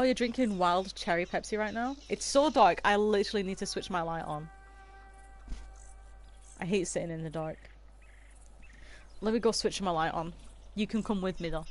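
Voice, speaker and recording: A woman's voice: mid-range voice, normal speed, long pauses. A woman streaming a game from her room, chatting and giggling with her viewers. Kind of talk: casual livestream chat while playing. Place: her own room at home.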